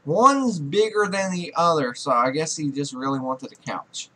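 A man's voice: fairly high pitch, normal speed, a bit bright. A young man giving profane gaming commentary, scolding and bossing around the characters he controls, audibly exasperated. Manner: exasperated, scolds the game characters, swears a lot. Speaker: gaming YouTuber. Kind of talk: profane Let's Play commentary.

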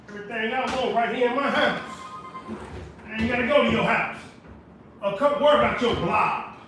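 A very high, bright-voiced man from California talks on a casual livestream, preaching and hammering the same points over and over. He is recorded on a phone held some way off in a home kitchen, so the sound is very echoey and distant. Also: a little hiss or hum. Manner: preachy, repetitive, emphatic. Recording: very echoey room, voice far off.

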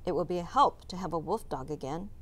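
A woman's voice: on the low side, fast, a bit bright. A woman voicing a thoughtful cave hunter. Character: cautious male cave hunter.

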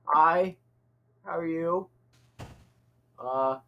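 A young man giving excitable game commentary, rambling and yelping in panic. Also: on the high side, very slow, lo-fi sound, background noise. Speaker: gaming YouTuber.

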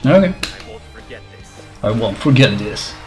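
A man talking slowly through his own gameplay, his voice lively and swinging up and down as he reacts. He mutters, swears and laughs at himself, with game music playing clearly under him. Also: mid-range voice. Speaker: streamer. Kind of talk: casual gameplay commentary.

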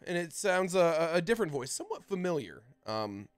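A man running a tabletop role-playing game as dungeon master, narrating in a casual, halting way with frequent restarts. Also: on the high side, big pitch swings, clean tone. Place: home streaming setup.

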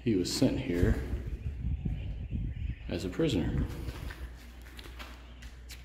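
A man's voice: deep voice, sing-song, takes it slowly, background noise. A middle-aged man, a gardening vlogger, chatting enthusiastically through a casual travel vlog.

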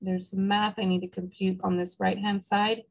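A woman's voice: mid-range voice, little pitch movement, normal speed, creaky, poor audio. A woman math instructor giving a recorded lecture, explaining each step patiently and checking in with "okay?", and she has the hiccups.

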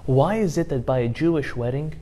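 A man, a rabbi, giving a sermon through a story, moving from quiet retelling to impassioned outbursts. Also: a little high, lively intonation, a little fast. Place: synagogue.

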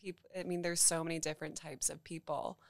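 Young woman guest, casual chat, easygoing, lowish pitch, dry close sound. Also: level tone, a little fast, no room sound. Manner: easygoing, laughing, trailing off. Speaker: account strategist, guest.

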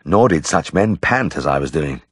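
Male audiobook narrator, deep, husky, dry close sound. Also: expressive, moderate pace, fairly bright tone, no room sound.

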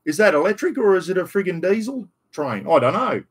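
This middle-aged Australian man talks fairly fast on a casual stream, his high, husky voice rising and falling in a sing-song way. He's blunt and rambling, with a slight cough left over from illness.

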